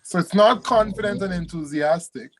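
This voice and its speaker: A man teaching an online exam review class, animated, repeating key words and laughing easily. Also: high-pitched, normal speed.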